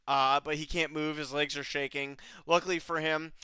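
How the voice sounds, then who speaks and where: A man's voice: a little high, moderate pace, pushed and bright, smooth, no room sound. A young man casually recapping an anime episode, rambling with lots of fillers, swearing and laughing. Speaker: anime reviewer.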